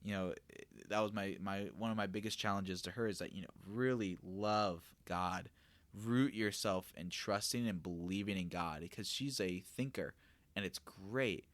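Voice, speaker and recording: A man's voice: low-pitched, moderate pace, no echo. A young man hosting a casual Q&A podcast, talking earnestly and rambling with frequent self-corrections about mentoring students. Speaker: podcast host and youth discipler.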